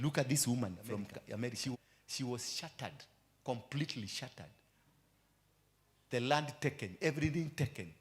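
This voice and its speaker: A man with a Kenyan English accent delivers a sermon as an apostle, his voice sitting in an ordinary middle pitch. He repeats his phrases for force and drops Swahili into the English. He jumps from loud, high bursts down to low, hushed lines. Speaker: apostle preaching.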